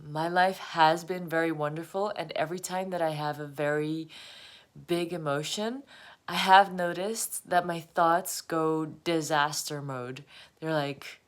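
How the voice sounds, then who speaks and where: A woman's voice: deep voice, steady tone, unhurried. A woman vlogging a rambling, emotional confessional monologue, laughing often as she talks. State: emotional, close to tears.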